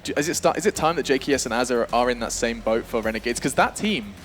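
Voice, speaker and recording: A man's voice: medium pitch, expressive, fast, a bit bright, soft background music. A man hosting an esports analysis desk, energetically steering questions to his panelists. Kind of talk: fast studio analysis chat.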